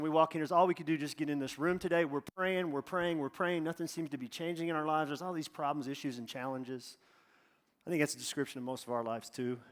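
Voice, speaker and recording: Male pastor, high-pitched, lively and joking, slightly winded, church auditorium. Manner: energetic, chatty, joking asides. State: out of breath. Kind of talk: church welcome and sermon opening.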